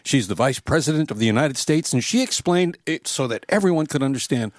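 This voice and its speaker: A man in casual talk introducing clips in a matter-of-fact, sardonic way. His pitch is middling and the sound is dry and close. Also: expressive, brisk, no room sound. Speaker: co-host. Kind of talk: casual political chat.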